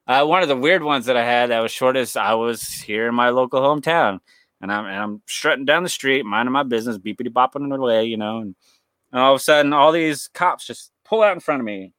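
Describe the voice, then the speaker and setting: Swearing, bright-voiced male podcast host. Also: mid-range voice, fairly quick, clear, resonant tone, no echo. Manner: rambling storyteller, swears a lot, acts out quoted voices. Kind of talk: casual chat.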